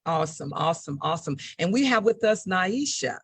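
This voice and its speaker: An upbeat woman hosts a panel talk show, her voice husky and grainy. The sound is dry and close, with no room around it. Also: lowish voice, expressive, fairly quick, no echo. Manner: upbeat, repeats "awesome".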